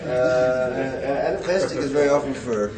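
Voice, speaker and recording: A man's voice: medium pitch, moderate pace, over a noisy crowd. A man teaching poetry in a classroom lecture, chanting rhythms in nonsense syllables and chuckling often. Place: classroom with a blackboard. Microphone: distant room recording. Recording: echoey classroom, distant mic, noisy tape.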